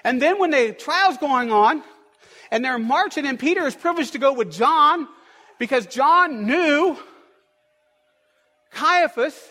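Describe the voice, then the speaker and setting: High-voiced male preacher in echoing church. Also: lively intonation, unhurried, long pauses, sharp tone. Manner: emphatic, repetitive preaching cadence. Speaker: pastor. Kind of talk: sermon. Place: church sanctuary. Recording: long echo of a large hall.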